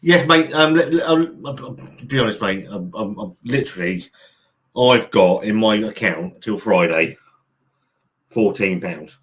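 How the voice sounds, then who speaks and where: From a home room by an open window, a channel host streams casually in a fairly low, slightly bright voice at a measured pace. He rambles, swears here and there, and reads out what chat says.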